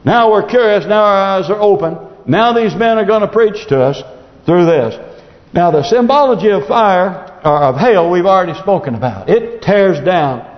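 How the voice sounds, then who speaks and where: Man, preacher, high lively voice, echoey church hall, dull lo-fi recording. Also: normal speed. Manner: animated preaching, pitch swooping up on emphasis and dropping low on scripture. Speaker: pastor. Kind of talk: sermon.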